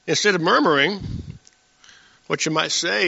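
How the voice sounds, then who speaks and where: A man's voice: on the high side, animated, moderate pace, gravelly, pauses often, pushed and bright. A man preaching a conversational sermon, teaching from scripture and asking his listeners rhetorical questions. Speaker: pastor. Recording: dull sound with long hall reverb.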